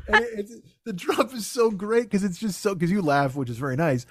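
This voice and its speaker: A man's voice: high voice, very animated, moderate pace, dry recording, studio quality. A man hosting a podcast in casual comedic banter, with sarcastic, profane rants. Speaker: podcast host.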